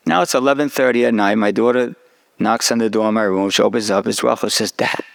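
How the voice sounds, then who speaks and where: A man's voice: lowish voice, fast talker, gravelly. A middle-aged man, a rabbi, telling a personal story in a sermon and acting out the dialogue. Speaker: rabbi giving a talk.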